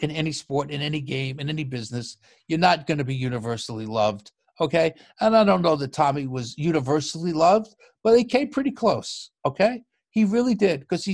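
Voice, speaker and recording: A man telling a baseball story as an interview guest, animated and growing louder as the tale builds, often restarting his sentences. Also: no echo, clean studio sound. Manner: lively storyteller who gets louder and higher as the story builds, with frequent restarts. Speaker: guest, former baseball TV broadcast producer.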